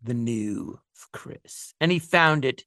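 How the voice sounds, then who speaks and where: A middle-aged man co-hosting a podcast, telling animated stories and slipping into quick character voices. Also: medium pitch, dry recording, clean studio sound. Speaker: podcast co-host. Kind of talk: casual chat.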